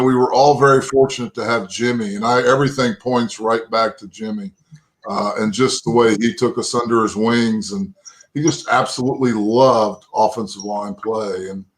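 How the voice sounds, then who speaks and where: A former football lineman from Texas, a man in his fifties, talks as a guest on a show. He tells long, rambling anecdotes in a folksy way. His voice sits at an average pitch and he keeps checking in with "right?". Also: poor audio. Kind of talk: interview storytelling.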